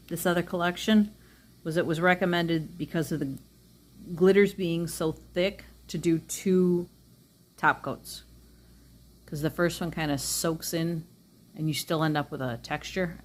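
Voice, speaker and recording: Low-voiced chatty woman reviewing polish. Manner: chatty, rambling, frequent ums. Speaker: nail polish vlogger. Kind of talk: casual product review.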